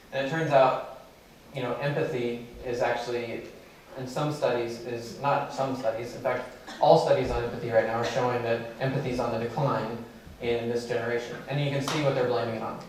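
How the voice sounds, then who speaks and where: A man's voice: mid-range voice, slight background noise. Male keynote speaker, chatty storyteller, recorded from a distance in a very echoey hall. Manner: conversational, many fillers, animated storytelling. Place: large lecture hall.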